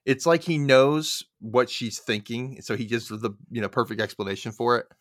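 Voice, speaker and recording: A man's voice: medium pitch, normal speed, a bit bright, no room sound, clean studio sound. A man co-hosting a podcast, casually recapping a story and acting out its quoted lines. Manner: chatty, retells scenes with quoted lines. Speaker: podcast co-host.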